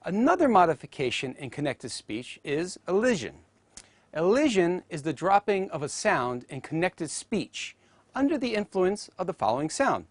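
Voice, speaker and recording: A teacher giving a scripted educational narration, speaking carefully and deliberately and saying example sounds aloud as models. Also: mid-range voice, very animated, dry recording.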